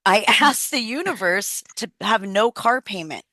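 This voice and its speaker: A woman's voice: mid-range voice, lively intonation, unhurried, pushed and bright, no room sound. A woman in her thirties leading a wellness workshop on a video call, telling personal stories in a chatty, candid way and swearing freely.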